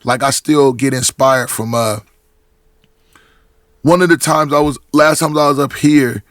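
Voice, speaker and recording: A man's voice: medium pitch, steady tone, a little slow, fairly bright tone, no room sound, clean studio sound. A middle-aged man from Portland, a rapper talking as a podcast guest in casual chat, telling stories with many restarts and acted-out quotes. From Portland, Oregon.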